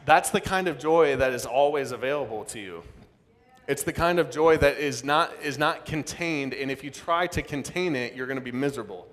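A man's voice: on the high side, normal speed. Man preaching in an echoing hall. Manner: preaching with sudden loud outbursts and dramatic quoted voices. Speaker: pastor. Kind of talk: sermon. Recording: long reverb of a large hall.

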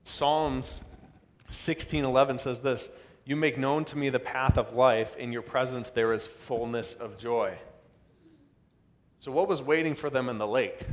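Man, pastor, sermon, swings between soft and loud, long hall reverb. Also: mid-range voice. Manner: preaching with sudden loud outbursts and dramatic quoted voices.

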